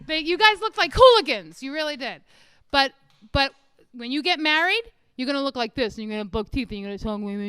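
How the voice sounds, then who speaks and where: Loud high brassy woman doing standup, bright tense voice, dry sound. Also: animated, fast, no echo. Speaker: stand-up comic. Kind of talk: stand-up set. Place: show stage without audience.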